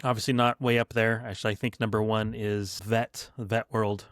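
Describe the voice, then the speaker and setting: A man co-hosting a podcast, speaking in a measured, reflective way with many fillers. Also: on the low side, little pitch movement, dry recording, clean studio sound. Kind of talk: casual podcast talk.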